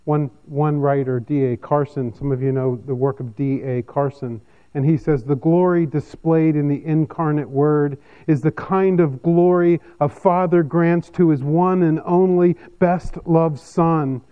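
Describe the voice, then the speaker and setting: Pastor, male, somewhat high voice; measured expository sermon delivery, lo-fi sound. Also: smooth. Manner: measured expository preaching, lively pitch swings.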